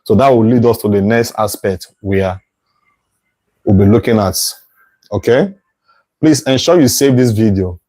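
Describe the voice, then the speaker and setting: A man's voice: lowish voice, normal speed, long pauses, dark tone, rough recording. A male math tutor teaching a live online lesson, thinking aloud as he sketches a curve, correcting himself and checking in with "right?".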